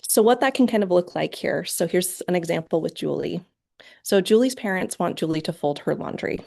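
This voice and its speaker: A parent training presenter gives an online lecture in a low, dark voice with a gravelly edge, speaking a little fast over a video call. She lays out each step clearly and drops in brief quoted lines from parents and children.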